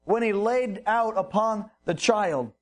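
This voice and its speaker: Slow, high-voiced preacher man. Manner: slow, earnest Bible exposition with rhetorical questions. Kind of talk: sermon.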